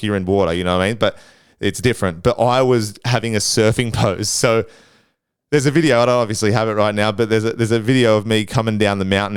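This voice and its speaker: A man's voice: on the low side, smooth, no echo, studio quality. A young man telling a rambling, swear-filled story on his solo podcast, acting out his own panicked noises. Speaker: podcast host.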